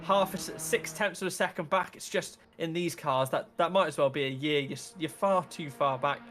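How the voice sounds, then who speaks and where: A high-voiced man co-commentates an online race, working through gaps and overtaking chances. Music and car engine sounds run clearly behind him. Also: moderate pace, a bit bright. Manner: analytical, talks through gaps and tactics. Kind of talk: sim racing commentary.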